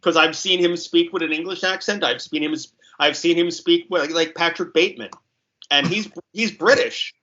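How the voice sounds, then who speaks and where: Chatty new york guy, really bright sharp voice, kinda muffled lo-fi audio. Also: on the high side, normal speed. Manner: animated, talkative, chuckles often. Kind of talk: casual podcast conversation.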